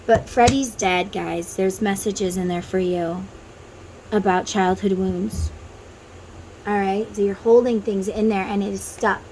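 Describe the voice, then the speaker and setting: A woman's voice: mid-range voice, steady tone, measured pace, warm tone, a little hiss or hum, low-quality recording. A woman who reads tarot, talking casually to viewers and guiding them through an inner-child meditation, with chatty tangents. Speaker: tarot reader.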